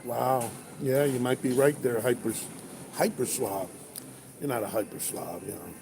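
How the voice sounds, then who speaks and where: Over music, a truck driver talks unhurriedly in a mid-range voice, chatting on a livestream and reading comments aloud as he has breakfast. He's in a truck stop restaurant with noisy surroundings.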